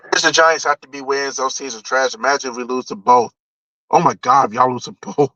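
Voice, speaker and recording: A man's voice: medium pitch, brisk, pushed and bright, no room sound. Blunt man ranting on a stream. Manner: blunt and profane, with frequent restarts. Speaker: live streamer. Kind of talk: casual live-stream sports rant. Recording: dull lo-fi stream audio.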